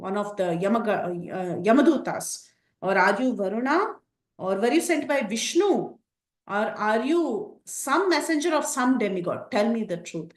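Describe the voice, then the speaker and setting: A woman's voice: fairly high pitch, expressive, moderate pace, close to an everyday voice. A woman voicing an angry male demon minister who fires demanding questions in an echoey room. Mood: suspicious.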